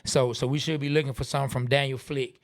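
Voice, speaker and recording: A man co-hosting a casual live-stream podcast, reading out viewer comments with relaxed asides. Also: medium pitch, fast, no echo, clean studio sound. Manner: laid-back, reads viewer comments aloud with asides. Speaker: podcast co-host.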